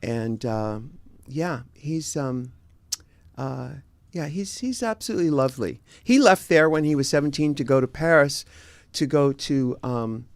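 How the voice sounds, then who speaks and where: Middle-aged male guest, casual and meandering, mid-pitched, close dry sound. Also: lively intonation, no room sound. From United States. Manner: meandering, many pauses to find words. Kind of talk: casual chat.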